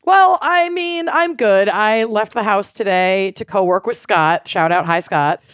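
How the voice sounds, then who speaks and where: A woman co-hosting a podcast, talking in a loose, chatty way with plenty of swearing and laughter. Her pitch sits in a middle range. She is recorded close and dry, with faint music behind. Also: measured pace, clean tone, no room sound. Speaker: podcast co-host. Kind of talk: casual chat.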